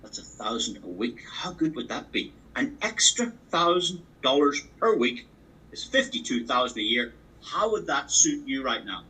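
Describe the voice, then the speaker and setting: A man's voice: mid-range voice, sing-song, moderate pace, pushed and bright, far from the mic, low-quality recording. A man giving a motivational training talk on a call, emphatic and repetitive, driving his points home with sports analogies. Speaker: business opportunity trainer. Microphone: call audio.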